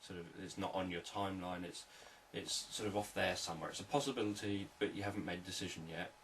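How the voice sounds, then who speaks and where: A man, a hypnotherapist, explaining sales techniques in a calm, repetitive, unscripted teaching talk. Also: sits low, fast, recorded from a distance, slight background noise, poor audio.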